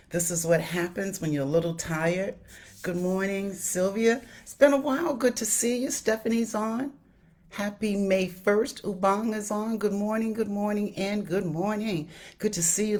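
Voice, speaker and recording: A woman's voice: medium pitch, darkish tone. A woman hosting a live stream, chatting casually and greeting viewers by name. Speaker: inspirational host of a live stream. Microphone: phone or webcam on a live stream.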